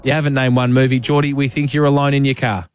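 A man's voice: medium pitch, little pitch movement, fast, faint music behind. Playful Australian radio host, man. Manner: playful, teasing. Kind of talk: breakfast radio banter.

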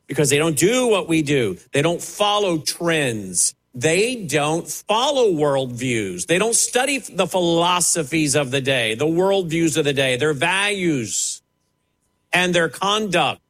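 Fiery preacher, lively pitch. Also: male voice, slow pace, poor audio. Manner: fiery, emphatic, with mocking quoted voices. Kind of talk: preaching sermon.

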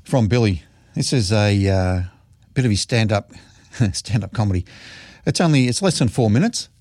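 A man's voice: on the low side, lively intonation, normal speed, a little mellow, no echo, studio quality. A man hosting a local radio show, introducing a clip in a chatty, hesitant way. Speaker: community radio host. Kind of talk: casual radio presenting.

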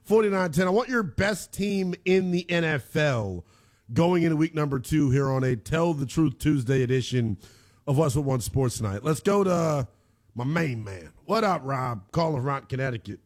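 Animated male sports radio host. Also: a little high, moderate pace. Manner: animated, teasing, laughs often.

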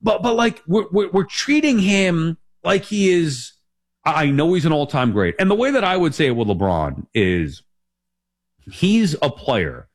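Animated man hosting sports talk. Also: a little high, measured pace. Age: 40s. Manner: rambling, emphatic, self-correcting. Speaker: sports talk show host.

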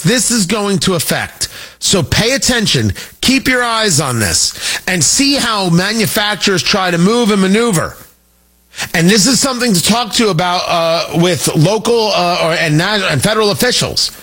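High-pitched, lively talk radio host man. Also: moderate pace. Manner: animated, emphatic, joking asides. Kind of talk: opinionated talk radio monologue.

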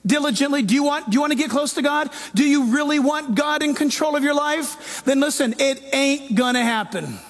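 A man pastor preaching a sermon in an animated way, acting out quoted voices. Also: extremely high pitch, brisk, few pauses.

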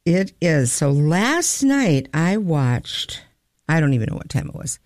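A woman's voice: sits low, big pitch swings, a little slow, a little mellow, no room sound, clean studio sound. A woman co-hosting a casual radio-style chat, telling rambling stories. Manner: rambling, chatty storyteller. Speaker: co-host.

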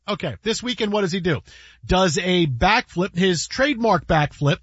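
Husky high-voiced man ranting about sports. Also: lively intonation, normal speed, a bit bright, no room sound. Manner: emphatic, stammers repeated words, fires rhetorical questions. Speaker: sports talk show host. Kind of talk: opinionated sports commentary. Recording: dull lo-fi recording.

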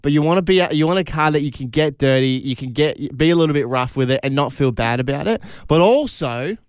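A man's voice: a little high, animated, clear, resonant tone, dry recording, studio quality. An Australian man co-hosting breakfast radio, chatting in an easygoing, rambling way. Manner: chatty, easygoing, drawn-out storytelling. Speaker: radio co-host. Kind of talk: casual breakfast radio banter. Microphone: studio microphone.

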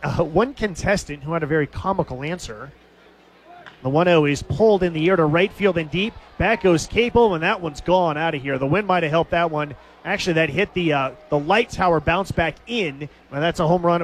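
A man doing radio play-by-play for a baseball game, his voice sitting a touch high for a man. He drifts between calling pitches and telling a light story, chuckling as he goes. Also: slight background noise.

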